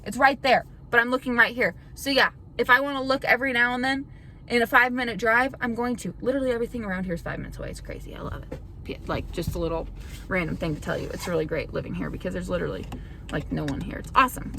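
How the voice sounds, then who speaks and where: A woman's voice: a little high, bright, forceful tone, slight background noise, poor audio. A young woman YouTuber in a casual vlog rant, frustrated and defensive. She swears often and rambles with lots of "like". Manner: rambling with filler "like".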